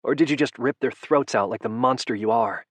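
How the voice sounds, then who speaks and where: A man voicing a furious young captive woman with a raspy, shrill voice in an audiobook. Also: a little fast, no room sound, lightly acted. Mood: defiant angry. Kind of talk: audiobook narration.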